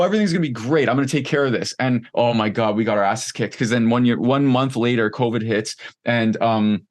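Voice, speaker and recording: Rambling man with lots of fillers. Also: mid-range voice. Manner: rambling, many fillers like "like" and "um", animated asides. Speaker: podcast guest, online coach. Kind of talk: casual conversational interview.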